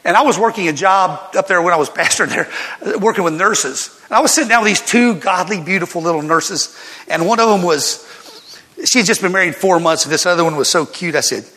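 An older male pastor preaching with a high, bright voice. His sermon mixes lively family stories with scripture, and the long reverb of a church hall surrounds him. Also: brisk. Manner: animated storytelling with laughs and scripture reading.

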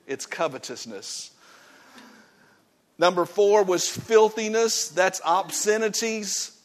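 Man, pastor, sermon, emphatic, folksy, slightly high voice. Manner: emphatic, folksy, swings from loud to hushed. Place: church.

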